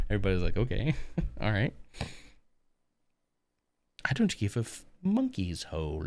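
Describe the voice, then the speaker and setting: A man's voice: low voice, fairly bright tone, dry recording. A man chatting casually on a live stream while building a model kit, rambling and muttering to himself as he works.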